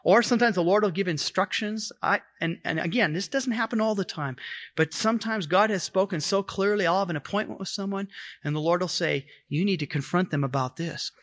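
A man's voice: high-pitched, a little fast, a bit bright. A middle-aged man preaching a sermon in a conversational way, retelling stories with quoted dialogue.

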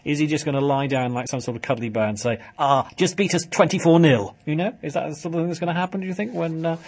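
A man's voice: on the high side, fairly even intonation, very fast, a little mellow. Joking man hosting radio chat. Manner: joking, rambling, lots of fillers. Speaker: radio show host. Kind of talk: casual banter on local radio.

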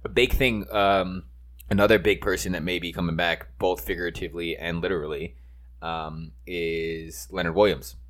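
A man's voice: low voice, fairly even intonation, normal speed, a bit bright. A man co-hosting a podcast, talking football picks in a rambling, profane, enthusiastic way. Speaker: podcast co-host. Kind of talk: casual sports chat.

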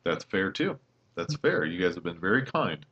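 Man, podcast host, animated pitch, upbeat, leads discussion. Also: moderate pace, lo-fi sound. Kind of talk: casual chat.

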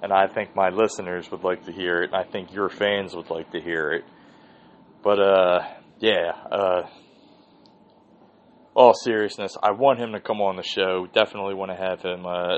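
A man's voice: sits low, dull audio, slight background noise. A man hosting his own podcast, telling a rambling, profane story in a casual solo monologue. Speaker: podcast host.

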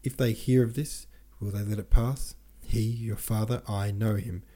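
A man voicing a stern, scolding older woman with a rough voice in an audiobook. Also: lowish voice, fairly even intonation, moderate pace, dark tone, close to an everyday voice.

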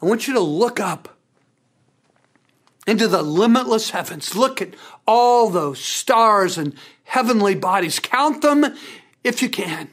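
Preacher mid-sermon, lively delivery, pitch jumping up and down, repeats words for emphasis. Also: measured pace. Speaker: pastor.

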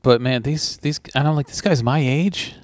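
A man's voice: medium pitch, moderate pace, no room sound. A man in his forties in casual chat, cursing freely and animatedly retelling clips. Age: 40s.

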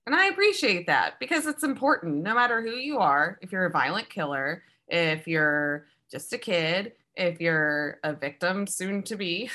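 A woman co-hosting a podcast, riffing playfully and deadpan through a casual comedic film review. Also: fairly low pitch, normal speed, few pauses. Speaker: podcast co-host.

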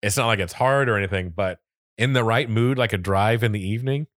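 A man's voice: fairly low pitch, brisk, fairly bright tone, no echo, clean studio sound. A man from Florida with a Florida accent, co-hosting a podcast in casual, rambling chat and laughing often. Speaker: podcast co-host.

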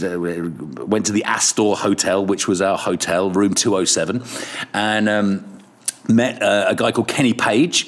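A man's voice: on the low side, a bit bright. A middle-aged Irish man, a radio presenter, telling casual stories as a podcast guest, rambling with restarts, laughter and swearing. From Ireland. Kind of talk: casual storytelling interview.

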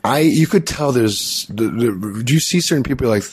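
A man's voice: medium pitch, animated, brisk, darkish tone, husky, dry recording. A man in a casual podcast chat, rambling and crude, swearing often.

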